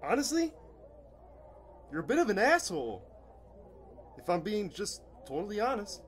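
Man doing a laid-back chicken puppet, husky voice, lively pitch, drawling, keeps saying man. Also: moderate pace. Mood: blunt. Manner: drawling, says "man" constantly. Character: laid-back male chicken puppet, easygoing stoner friend. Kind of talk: puppet comedy sketch.

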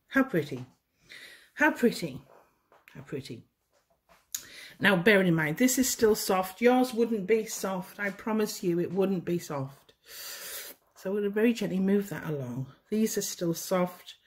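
Chatty woman teaching baking. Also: on the low side. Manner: chatty, self-deprecating, often drops to a murmur while working. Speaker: baking tutorial host. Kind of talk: casual hands-on demonstration.

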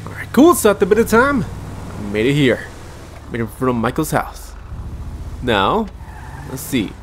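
A man's voice: medium pitch, big pitch swings, measured pace, fairly bright tone, slight background noise. A man casually narrating his own gameplay in an upbeat, self-narrating way. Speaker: gaming channel host. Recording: voice over game music.

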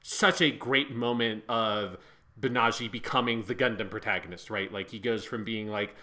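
A man co-hosting a podcast in casual chat, talking excitedly, swearing often and filling his speech with "like". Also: lowish voice, moderate pace. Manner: excited, swears a lot, fills with "like". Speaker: podcast co-host.

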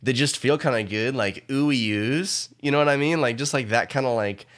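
A young man streaming a casual reaction to an album, excitable, swearing often and joking. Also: medium pitch, moderate pace. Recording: faint pop music underneath. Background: pop music playing.

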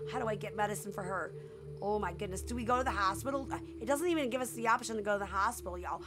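A woman casually commenting on her own gameplay, excitable and full of exclamations, often laughing. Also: medium pitch, fast, noisy background. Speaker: gameplay streamer. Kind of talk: casual let's-play commentary.

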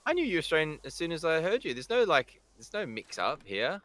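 Fast-talking joking man gamer. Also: fairly high pitch, very animated, fairly bright tone. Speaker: voice actor guest. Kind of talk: casual gameplay chat.

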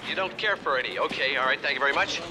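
A man's voice: fairly high pitch, rapid-fire, background noise, natural voice. A man playing a pushy, upbeat product promoter. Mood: salesy. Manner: pushy, coaxing sales patter. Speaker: cheese spread promoter filming a commercial.

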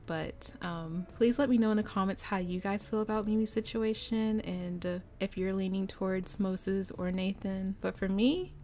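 A young woman giving casual, chatty commentary on her life-sim game, prone to excited, gushing asides. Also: mid-range voice, slight background noise. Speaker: gameplay commentator.

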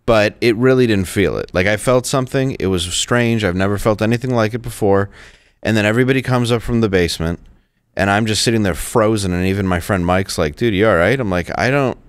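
A man telling a story in casual studio chat, halting and repeating words, quoting people as he goes. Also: on the low side, clear, resonant tone, no room sound. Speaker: show regular telling a story.

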